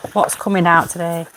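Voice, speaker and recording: A woman's voice: on the low side, background noise. Ranting woman tarot reader. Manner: exasperated, indignant, rambling ranting. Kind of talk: ranting vlog monologue.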